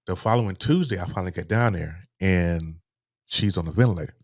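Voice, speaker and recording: A middle-aged man, softly telling a personal story as a podcast guest, halting and restarting as he speaks. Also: low-pitched, dry recording, clean studio sound. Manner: soft-spoken, halting, with repeated restarts.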